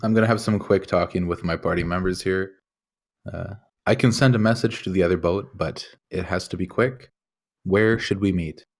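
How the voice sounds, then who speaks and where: Very deep-voiced game player. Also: male voice, steady tone, moderate pace. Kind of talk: casual tabletop game chat.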